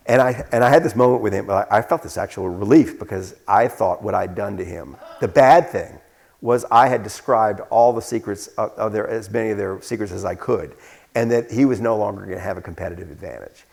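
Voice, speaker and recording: A man's voice: lowish voice, moderate pace, vocal fry, darkish tone. A man, an author, talking onstage in a live conversation, telling stories with many false starts and restarts. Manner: rambling storyteller with many restarts. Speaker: author answering questions.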